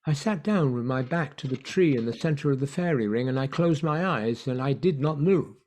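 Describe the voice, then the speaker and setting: A man narrating a story in an online play reading, measured and hushed. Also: medium pitch.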